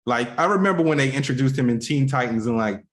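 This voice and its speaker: Fast and lively, a man with a mid-range voice co-hosts a podcast in a casual chat. He talks right to his listeners, rambling through fillers and restarts and trailing off softly.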